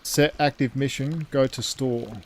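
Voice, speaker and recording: A man's voice: medium pitch, steady tone, measured pace, a little hiss or hum. A man streaming a ship game live, rambling as he thinks aloud and thanks his chat.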